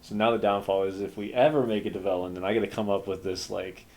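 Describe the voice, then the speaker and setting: Serving as game master and host of a convention panel, a man with a lowish, steady, slightly mellow voice talks fast and chats casually. He rambles, pokes fun at himself, and uses plenty of fillers.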